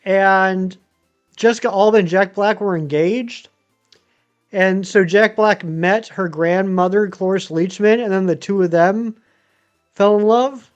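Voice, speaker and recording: High-voiced chatty man streaming. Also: unhurried, smooth, lo-fi sound, soft background music. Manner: rambling, chatty, many ums and uhs. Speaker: game streamer. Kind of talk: casual live-stream chat answering viewers.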